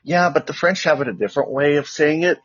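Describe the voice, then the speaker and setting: A man's voice: a little high, expressive, quick pace, a bit bright, husky, no room sound, muffled recording. A Canadian man co-hosting a casual chat podcast, telling rambling stories full of fillers. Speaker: co-host.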